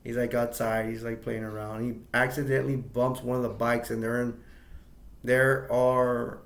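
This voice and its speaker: A man casually retelling a film's plot as an amateur reviewer, rambling and halting, leaning on "like" and chuckling often. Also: mid-range voice, level tone, reverberant.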